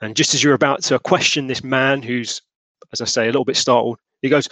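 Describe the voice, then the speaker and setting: A man running a tabletop role-playing game, narrating scenes in a relaxed, descriptive way. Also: medium pitch, a little fast, dry recording. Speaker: game master.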